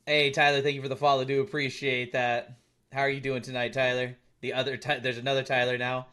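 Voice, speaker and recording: A man's voice: medium pitch, flat delivery, fairly quick, sharp tone, clear, resonant tone. A male game streamer chatting casually while playing, thanking viewers and teasing his friends. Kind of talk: casual live-stream chat while gaming.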